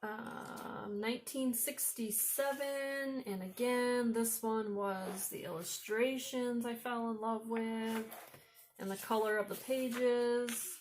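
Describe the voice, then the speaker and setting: Slow, chatty Upper Midwest woman. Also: on the high side, steady tone, a little hiss or hum. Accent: Upper Midwest American. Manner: slow, chatty, admiring, thinks aloud. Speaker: vlogger showing thrift finds. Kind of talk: casual show-and-tell.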